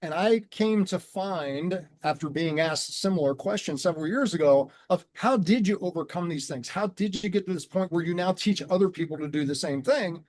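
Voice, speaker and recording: A man telling his story in an earnest, measured way and slowing down on key words, as a guest on a conversational show. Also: high-pitched, a little mellow. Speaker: guest, transformation coach.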